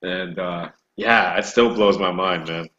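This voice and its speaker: A man's voice: low-pitched, fairly even intonation, unhurried, a bit bright, dull audio. A man recalling his Marine deployment in a casual, profane chat, often laughing. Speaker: former Marine, guest. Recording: echoey room, faint noise.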